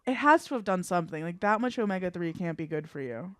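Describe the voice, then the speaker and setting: A woman's voice: on the low side, expressive, quick pace, fairly bright tone, no room sound, studio quality. A young woman co-hosting a podcast, telling rambling stories in casual chat, full of "like". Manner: rambling storyteller, lots of "like". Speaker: podcast co-host.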